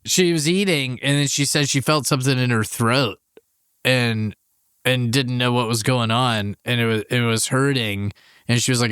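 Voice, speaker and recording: Smooth-voiced man telling a rambling story. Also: medium pitch, moderate pace, dry recording, studio quality. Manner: rambling, animated anecdote with many restarts. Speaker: podcast co-host. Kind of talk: casual storytelling among friends.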